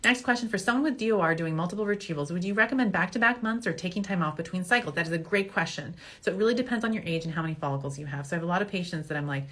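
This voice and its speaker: A woman's voice: lowish voice, fast, fairly bright tone. A middle-aged woman fertility doctor answering viewer questions in a casual, joking way, laughing at her own slips. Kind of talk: casual Q&A show.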